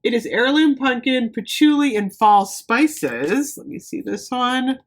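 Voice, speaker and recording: A woman vlogger chatting casually and excitedly as she shows off a shopping haul. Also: a little high, measured pace. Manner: bubbly, excitable, gushing. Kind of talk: casual haul video chat.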